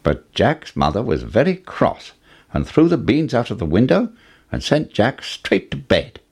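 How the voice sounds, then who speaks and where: A man reading a fairy tale aloud as a storyteller, with expressive rises and falls. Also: unhurried, creaky, slightly rough. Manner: expressive, with wide swings in pitch.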